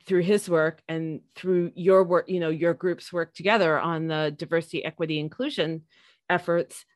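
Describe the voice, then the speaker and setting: A woman's voice: fairly low pitch, no room sound, studio quality. A woman from central Illinois, co-hosting a podcast in a chatty, enthusiastic way. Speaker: podcast co-host. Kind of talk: casual podcast conversation.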